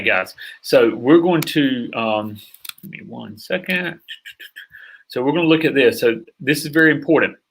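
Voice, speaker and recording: A middle-aged man with a light Southern drawl talks fast and with emphasis, coaching a class on selling. His voice is husky and sits at a middling pitch. He keeps asking whether his listeners are with him. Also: a bit bright. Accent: Southern American drawl. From North Carolina, US. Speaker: sales coach. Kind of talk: teaching a sales training session.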